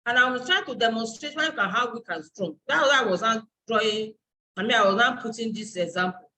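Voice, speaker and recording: A woman's voice: fairly high pitch, quick pace, pushed and bright, low-quality recording. A woman university lecturer and dean giving a live online class, explaining step by step and searching aloud for terms.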